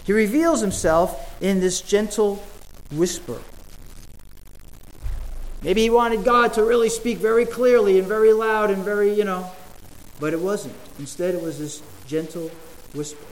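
Earnest, high-voiced male preacher. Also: poor audio. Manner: earnest, pauses with fillers. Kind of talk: sermon.

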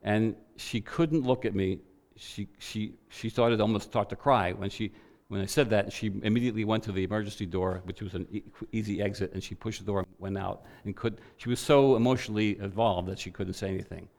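A man preaching to a church, telling a personal story in an animated way and voicing the people in it. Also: lowish voice, a little fast, vocal fry. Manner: animated storytelling with quoted voices.

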